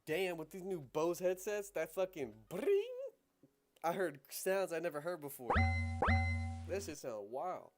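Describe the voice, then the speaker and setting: A man's voice: fairly high pitch, expressive, measured pace, loud music behind the voice. A young man hosting a livestream on trading, talking casually in slang and laughing often.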